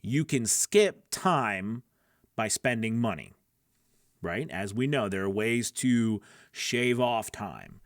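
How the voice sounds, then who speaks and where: A man's voice: lowish voice, animated, slow, no room sound, studio quality. A man hosting a live class for voice actors, talking casually and rambling with plenty of fillers, laughing often and answering viewers by name. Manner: rambling and conversational, many fillers and restarts. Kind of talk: casual live-stream teaching, reading chat questions.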